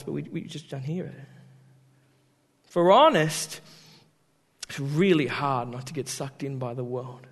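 A man preaching a sermon as a pastor, talking in an animated way that swings from loud emphasis to quiet asides. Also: on the high side, big-room sound.

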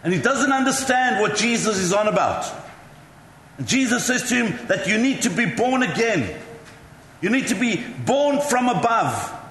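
A man's voice: high-pitched, big pitch swings, normal speed, fairly bright tone, slight background noise. A male pastor preaching a sermon, telling chatty, self-mocking stories to the congregation. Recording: echoey hall with faint ambience.

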